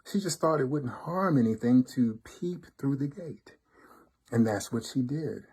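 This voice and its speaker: A man reads a folk tale aloud in an expressive, rhythmic way. His voice is warm and mellow with a slightly husky texture. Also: mid-range voice, unhurried. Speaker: storybook reader, fraternity member.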